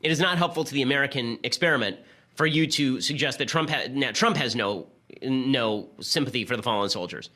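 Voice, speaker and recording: A man hosting a political commentary show, talking in a rapid, sarcastic, argumentative way. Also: medium pitch, pushed and bright. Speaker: host.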